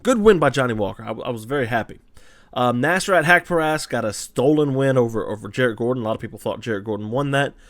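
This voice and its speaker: A man's voice: mid-range voice, fast talker, a bit bright, no echo. A Cajun man from Louisiana recapping fights casually as host, rambling with frequent restarts and fillers. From Louisiana, USA. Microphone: desk camera mic.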